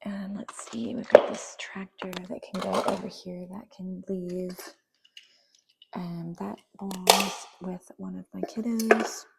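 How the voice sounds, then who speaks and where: A woman's voice: medium pitch, level tone, takes it slowly, gravelly, heavy background noise. A young woman chatting casually while sorting her kids' toys, often trailing into near-whispers. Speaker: vlogger. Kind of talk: casual voice-over while decluttering.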